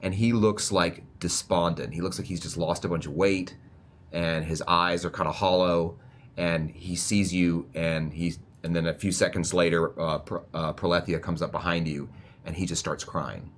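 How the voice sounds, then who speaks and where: A man with a somewhat low voice runs a tabletop game as game master, describing scenes and calling for rolls. His talk is relaxed and loose, full of little pauses and restarts, with a faint hiss of noise behind him. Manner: relaxed and conversational, with frequent fillers and restarts.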